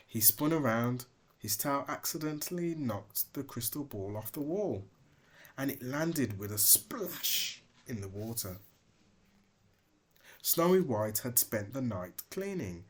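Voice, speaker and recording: Expressive dad reading a storybook. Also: male voice, mid-range voice, slow pace. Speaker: father reading aloud. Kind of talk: storybook read-aloud.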